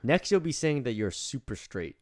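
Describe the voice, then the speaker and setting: A man's voice: mid-range voice, big pitch swings, moderate pace, dry recording, clean studio sound. A man co-hosting a podcast in rambling, drunken casual chat, laughing and trailing off. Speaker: podcast co-host.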